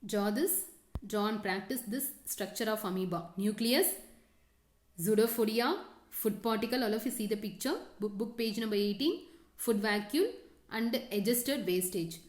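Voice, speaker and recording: A woman's voice: mid-range voice, moderate pace, echoey room. A woman teacher giving a science lesson, repeating key terms and questions and telling students to underline words and draw diagrams. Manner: frequent "okay" and directions to underline and draw. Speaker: school teacher.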